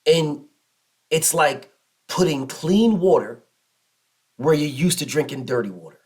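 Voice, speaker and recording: Male host, slightly high voice, emphatic and repetitive commentary rant. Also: expressive, measured pace, darkish tone. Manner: emphatic, repetitive, mocks others in low put-on voices. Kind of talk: passionate solo commentary rant.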